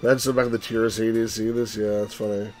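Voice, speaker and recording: A man's voice: lowish voice, level tone, brisk, a little mellow, faint music behind. A man hosting a let's play, rambling and wry as he comments on a game, with the odd swear.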